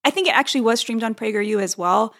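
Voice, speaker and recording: A woman's voice: on the high side, fast talker, a bit bright. Earnest woman arguing her point. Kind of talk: casual conversational interview.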